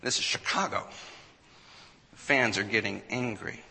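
A man with a bright, ringing voice tells a story with lively emphasis, slipping into the voices of the people in it. His speech carries the long reverb of a large hall. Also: on the low side, unhurried, gravelly. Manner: animated storyteller, acts out quotes. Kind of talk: storytelling talk to an audience.

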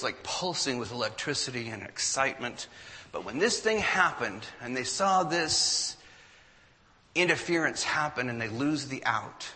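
A man with a bright, ringing voice tells a story with lively emphasis, slipping into the voices of the people in it. His speech carries the long reverb of a large hall. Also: mid-range voice. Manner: animated storyteller, acts out quotes. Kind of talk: storytelling talk to an audience.

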